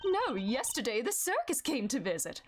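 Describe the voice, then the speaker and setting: A flamboyant, snobby rich lady warden gushes in a drawn-out posh drawl, dropping French words into her talk, as a woman reads her lines aloud. Her voice swoops up and down with theatrical flair, lifted a touch above an ordinary speaking pitch. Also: huge pitch swings, soft background music, full character voice. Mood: gushing.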